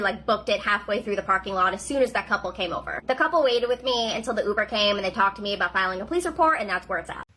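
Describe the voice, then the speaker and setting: Young woman, casual storytime teller, emotional delivery, slightly high and bright. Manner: emotional retelling, heavy use of "like". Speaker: storyteller in a social media clip.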